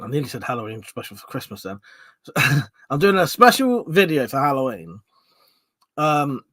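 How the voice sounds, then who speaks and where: A man's voice: on the high side, a bit bright, no room sound. Sweary Southern English man hosting a stream. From Southern England. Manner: swears freely, banters and reads viewer comments aloud. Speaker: live stream host. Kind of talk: casual live stream chat.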